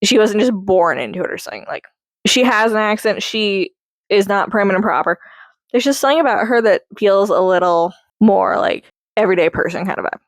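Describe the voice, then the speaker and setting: A young woman rambling casually through a movie review, chatty and excitable, laughing often. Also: medium pitch, fairly quick, dry recording.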